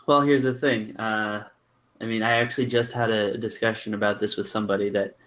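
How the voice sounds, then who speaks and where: A man with a Californian accent, a podcast guest who explains his points at length in a measured, casual way. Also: on the low side, steady tone, fairly bright tone. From Arizona and California, USA.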